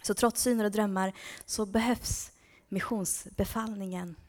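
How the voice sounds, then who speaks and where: A woman's voice: mid-range voice, fairly even intonation, moderate pace. A woman giving a conversational talk at a church service, sometimes dropping to a whisper.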